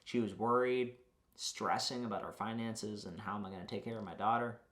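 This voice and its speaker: A man's voice: fairly low pitch, fairly even intonation, fairly quick, a bit bright. A young man, a YouTuber, giving a rambling, joking recap that is full of swearing.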